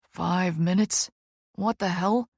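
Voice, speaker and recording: A woman voicing a confident, commanding young male lover in an audiobook, speaking in a low, dominant, teasing way. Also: slow pace, gravelly, a little mellow, husky, no echo, clean studio sound, exaggerated voice.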